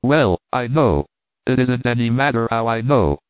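A man reading a story aloud, voicing a tiny, smug, mold-covered dwarf who speaks with a slow, mocking drawl. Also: mid-range voice, animated, clean tone, no room sound, narrow, tinny audio, close to an everyday voice. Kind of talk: audiobook reading.

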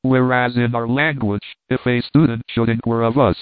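A man giving a scripted narration of a humorous essay in a steady, measured reading style. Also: medium pitch, clean tone, no echo. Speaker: audiobook reader. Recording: dry, phone-like narrow band.

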